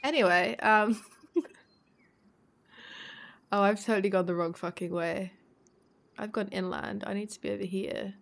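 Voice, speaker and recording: A woman's voice: mid-range voice, a little slow, vocal fry, pauses often, fairly bright tone. An English woman live-streaming a game, chatting casually, laughing often and swearing freely. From England. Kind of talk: casual live-stream chat while gaming.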